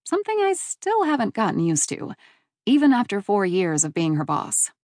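A woman's voice: medium pitch, wildly swooping pitch, moderate pace, a little mellow, no echo, studio quality. Woman reading a first-person audiobook. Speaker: narrator.

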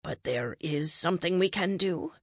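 A woman's voice: fairly low pitch, moderate pace, no room sound, studio quality, natural voice. A woman voicing a questioning, frustrated cosmic being in a science fiction story, asking pressing questions. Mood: urgent. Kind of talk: audiobook character reading.

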